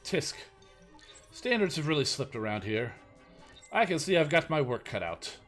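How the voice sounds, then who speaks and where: A man's voice: on the high side, sing-song, moderate pace, fairly bright tone, soft background music. A man doing a fussy robot medic, half-British. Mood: prim scolding. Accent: semi-British put-on. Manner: officious, scolding.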